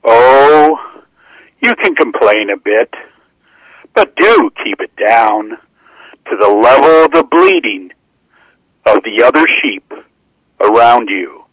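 Slow man reciting over a phone line. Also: medium pitch, very animated, a bit bright, dry recording. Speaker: caller reading a poem. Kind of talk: poetry reading over the phone.

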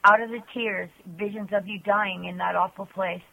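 A woman's voice: mid-range voice, steady tone, moderate pace, vocal fry, sharp tone. A woman caller on a call-in show, reading her own poems in an earnest, chatty way. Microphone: telephone. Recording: tinny phone line.

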